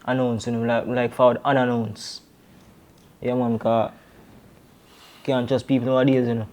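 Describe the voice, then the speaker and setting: In Jamaican Patois film dialogue, a crime-drama actor with a Jamaican accent portrays a deported man reunited with his brother at home. His natural, darkish, medium-pitched voice is flat and at normal speed, and he rambles defensively, full of "you know."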